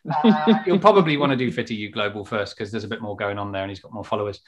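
A man's voice: on the low side, fast, a crowd in the background. Male podcast host, casual chat, giggly rambling delivery. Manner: giggly, rambling, warm-humoured.

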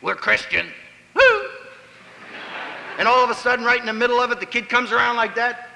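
High bright-voiced guy lecturing on family life, lively storyteller, big echoey hall. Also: racing, slight background noise. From Pennsylvania. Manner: emphatic, animated storyteller who acts out quoted voices. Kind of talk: sermon-style lecture with stories.

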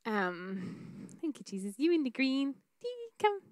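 A woman teaching a church class on prophetic prayer, speaking in an earnest, conversational way with frequent fillers and quick laughs. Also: high-pitched, wildly swooping pitch, a little mellow, dry recording.

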